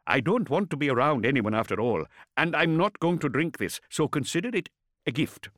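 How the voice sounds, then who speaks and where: A rattled young imagist, pushed high and loud, snapping short lines, as a male narrator plays him. His voice jumps about with nervous energy in this storybook scene, dry and close to the mic. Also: sing-song, measured pace, no room sound. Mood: agitated. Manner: agitated, loud and clipped. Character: young male imagist, tense, defensive, upset.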